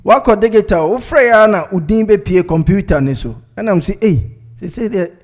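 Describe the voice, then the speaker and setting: A man hosting a radio call-in show, greeting callers briefly and warmly. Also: high voice, animated, normal speed. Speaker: radio host.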